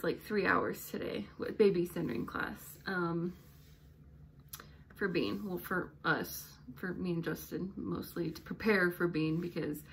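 A young woman talks to her camera from her bedroom in a loose, rambling way, full of fillers. She sounds slightly out of breath. There is a faint hum of noise behind her. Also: mid-range voice. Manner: rambling, chatty, many fillers. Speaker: vlogger. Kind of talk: casual vlog talk to camera. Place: bedroom at home.

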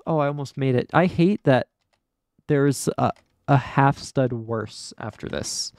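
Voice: mid-range voice, unhurried, a little mellow, no room sound, clean studio sound. A young adult gamer giving casual let's play commentary, dramatically exasperated and often laughing at their own struggles. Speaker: gamer playing an obstacle course game.

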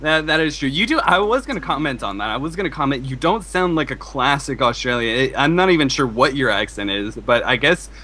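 A man casting a video game match, joking and excitable in banter with his co-caster. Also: medium pitch, brisk, few pauses. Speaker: esports caster. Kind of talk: game commentary.

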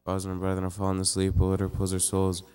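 Man, very low voice, rapid liturgical recitation, monotone, faint noisy stream. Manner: fast monotone chanting of prayers. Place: church. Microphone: live stream mic.

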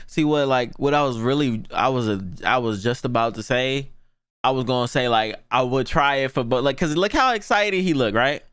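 A young man hosting a casual anime reaction, excitable and slangy, laughing often and breaking into delighted shouts. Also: mid-range voice, moderate pace, smooth, dry recording, clean studio sound.

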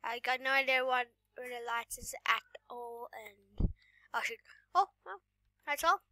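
A woman giving casual gameplay commentary while sick, coughing now and then, excitable and often dropping to a whisper. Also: a little high, unhurried, no echo. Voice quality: voice sounds off today. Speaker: gaming YouTuber.

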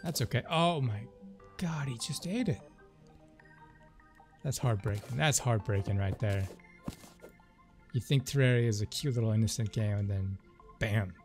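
A man's voice: fairly low pitch, moderate pace, pauses often. Chatty man narrating a game. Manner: chatty, rambling asides. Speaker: let's play host. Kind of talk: casual gameplay commentary. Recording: game music behind the voice.

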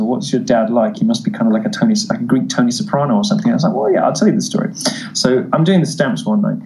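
A man's voice: fairly low pitch, a little mellow, slight background noise, rough recording. A man with a posh British accent, a talk-show guest calling in and telling stories in a camp, theatrical way. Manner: camp, theatrical, calls people darling. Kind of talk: casual chat, storytelling.

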